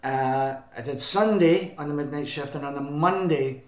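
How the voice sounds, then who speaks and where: A man's voice: on the high side, moderate pace. A man with a Scottish accent, a band frontman as a guest, telling long rambling anecdotes and correcting himself as he goes. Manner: rambling, self-correcting, chuckling. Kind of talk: anecdotal storytelling. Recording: roomy echo.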